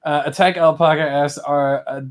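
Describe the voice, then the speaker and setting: Streamer, laughing and swearing. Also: male voice, fairly high pitch, fairly even intonation, normal speed. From Germany. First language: German. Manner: laughs often, swears casually, reads chat questions. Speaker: streamer host. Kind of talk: casual chat.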